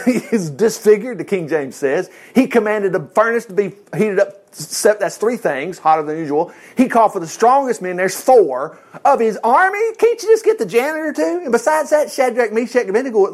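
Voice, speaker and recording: A man's voice: sits high, very animated, moderate pace, few pauses. A man teaching a Bible chapter in a loose, rambling way, laughing often and acting out the quotes. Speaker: preacher.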